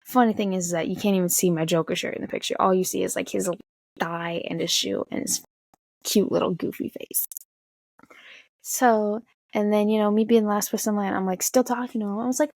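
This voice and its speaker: A young woman from the Tacoma area telling an animated storytime, swearing and acting out quotes. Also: mid-range voice, fairly quick, gravelly, dry recording. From Tacoma area, USA. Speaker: vlogger. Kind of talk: casual storytime.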